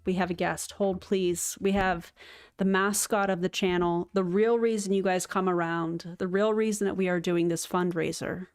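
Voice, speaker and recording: A woman's voice: lowish voice, fairly even intonation, moderate pace, darkish tone. A woman hosting a casual livestream, chatting to viewers and cooing to her cat. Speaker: streamer host.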